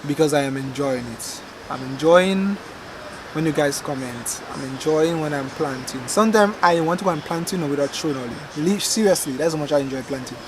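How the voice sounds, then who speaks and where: A man's voice: on the high side, fairly quick, noisy background. A man from Dominica with a Dominican accent, a gardening vlog host chatting casually and rambling animatedly to camera outdoors. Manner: rambling, animated storytelling with dramatic outbursts.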